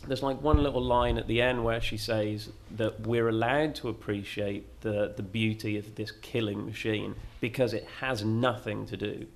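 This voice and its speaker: A man's voice: on the low side, steady tone, moderate pace, few pauses. A man from England in the audience, answering a question casually with many fillers. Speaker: audience member. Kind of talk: live panel discussion.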